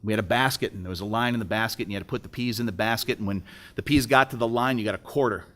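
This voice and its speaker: A man's voice: fairly low pitch, very fast, fairly bright tone. A middle-aged man giving an emotional personal testimony at a breakfast event, telling a story and acting out the dialogue. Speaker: speaker at a business breakfast. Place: event hall.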